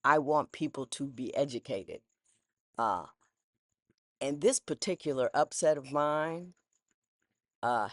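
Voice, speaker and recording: A former judge with a bass voice muses aloud in a relaxed, candid monologue, rambling, starting over and speaking in folksy phrases. The studio-quality recording has no room sound.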